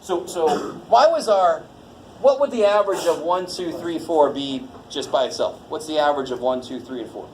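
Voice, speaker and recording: A man's voice: fairly high pitch, normal speed, a little mellow. A man teaching a college math class in a casual, jokey way, swearing lightly and quizzing the students as he goes. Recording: echoey classroom with faint noise.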